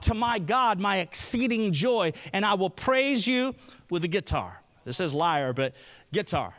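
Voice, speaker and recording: A man from Alabama preaching a sermon as a pastor, animated and acting out the prayers he quotes. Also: high-pitched, a little slow, in a large hall.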